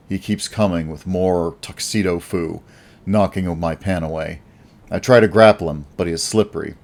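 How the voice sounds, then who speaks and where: A man narrating a first-person action audiobook in a wry, lively storytelling manner. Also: sits low.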